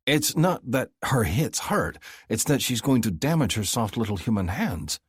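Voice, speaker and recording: Male audiobook narrator, husky, lowish pitch, measured intense reading, dry close mic. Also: dry recording. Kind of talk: scripted first-person narration.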